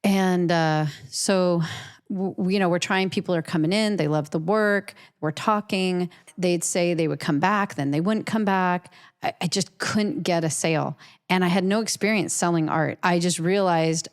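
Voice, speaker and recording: A woman's voice: lowish voice, moderate pace, clear, resonant tone. A woman artist telling an earnest, emotional personal story as an interview guest, often restarting and repeating her words.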